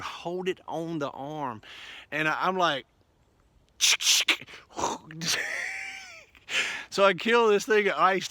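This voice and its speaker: A man's voice: mid-range voice, pushed and bright, no room sound. A man, a truck driver telling a personal story in a casual, rambling way, often restarting and acting out what others said. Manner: rambling with restarts, acts out quoted voices.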